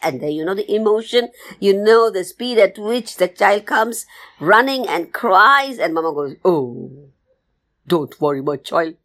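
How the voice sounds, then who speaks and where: A woman's voice: mid-range voice, expressive, normal speed, a bit bright. A woman storyteller earnestly explaining her craft in an interview. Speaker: storyteller, guest. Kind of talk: interview answer.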